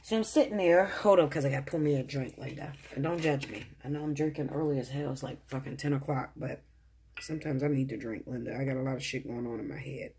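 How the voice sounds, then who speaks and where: A woman in a casual monologue, cursing freely and talking straight at her listener. Her voice is husky with a slightly breathy edge. She comes across blunt and animated, like a tarot reader telling a story from her own life. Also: a bass voice, fast. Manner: profane, blunt, animated, addresses viewer directly.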